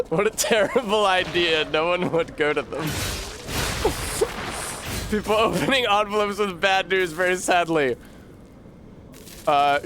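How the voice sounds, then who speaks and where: A man's voice: sits high, measured pace, long pauses, a bit bright, slight background noise. Sarcastic rambling gameplay streamer man. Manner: sarcastic, rambling, swears freely. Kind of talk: casual gameplay commentary.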